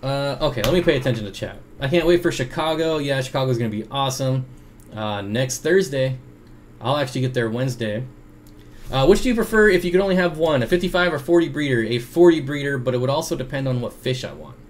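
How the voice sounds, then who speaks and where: A man's voice: medium pitch, fast talker, a little hiss or hum. Chatty man hosting a home livestream. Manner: rambling, chatty, many fillers, reads chat aloud. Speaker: livestream host answering chat. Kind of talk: casual livestream Q&A. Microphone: desk microphone.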